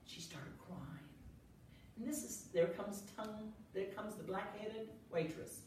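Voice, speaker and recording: A woman evangelist telling a testimony with energy and humor, swinging from hushed to loud, heard from a distance in an echoey room. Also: medium pitch, a little slow, a little hiss or hum. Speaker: evangelist guest. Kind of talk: storytelling testimony.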